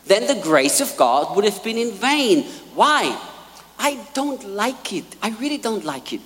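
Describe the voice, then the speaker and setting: A man preaching a sermon in a large hall, emphatic, repeating key lines and swinging between quiet asides and loud peaks. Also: high-pitched, sing-song, measured pace. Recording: long hall reverb.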